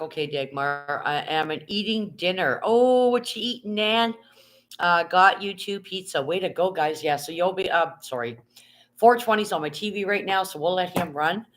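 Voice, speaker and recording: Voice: mid-range voice, a bit bright. A live streamer in casual chat, rambling and reading viewer comments aloud, talking from bed into a phone held in hand. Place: at home, lying in bed.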